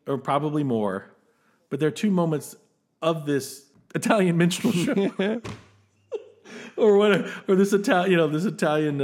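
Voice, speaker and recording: A man co-hosting a film podcast, talking in a casual, enthusiastic way with frequent laughs and restarts. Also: fairly high pitch. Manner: animated, enthusiastic, laughs often, many restarts. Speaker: podcast co-host.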